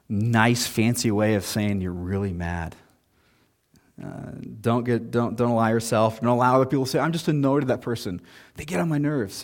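Man preaching in a conversational manner. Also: mid-range voice. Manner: conversational preaching with self-deprecating asides. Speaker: pastor. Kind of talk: sermon.

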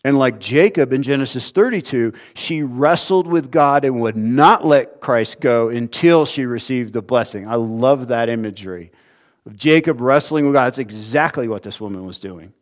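Man, preacher, sermon, expressive, emphatic then hushed, medium pitch. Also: normal speed.

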